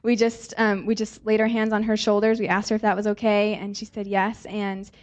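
A woman's voice: mid-range voice, little pitch movement, brisk. Chatty young woman sharing testimony. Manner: casual, chatty, many fillers and laughs. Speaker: church speaker sharing testimony. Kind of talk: testimony in a sermon.

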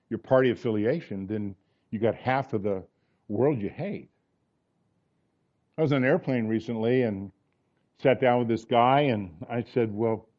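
A man's voice: mid-range voice, lo-fi sound. A man in his sixties preaching a sermon, telling personal stories and acting out the dialogue in them with earnest conviction. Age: 60s.

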